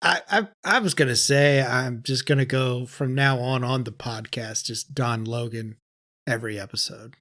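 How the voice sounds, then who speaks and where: A man's voice: mid-range voice, moderate pace, bright, forceful tone, no echo, studio quality. A man co-hosting a casual movie podcast, joking and mocking himself. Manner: joking, self-mocking banter. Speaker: podcast co-host.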